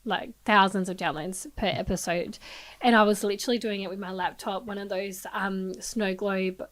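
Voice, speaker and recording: A woman's voice: mid-range voice, fairly even intonation, normal speed, fairly bright tone. A woman hosting a podcast, chatting enthusiastically. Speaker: podcast host. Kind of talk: casual podcast conversation.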